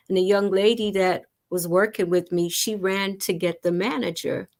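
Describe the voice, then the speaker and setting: Woman, host, earnest, emotional, candid talk, middle pitch. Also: fairly even intonation, moderate pace, few pauses. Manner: earnest, emotional personal storytelling. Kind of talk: candid conversation about grief.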